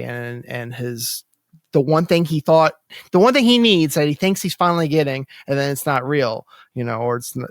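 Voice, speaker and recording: A man's medium-pitched voice comes through at studio quality with no echo. He's co-hosting a podcast in casual chat, rambling with plenty of fillers and restarts.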